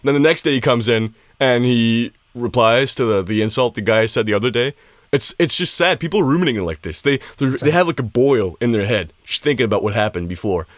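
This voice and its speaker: Lively laughing young man, dry sound. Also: medium pitch, a little fast, no room sound. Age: young adult. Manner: laughing often, acting out quotes in swearing banter. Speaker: podcast co-host. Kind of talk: casual chat.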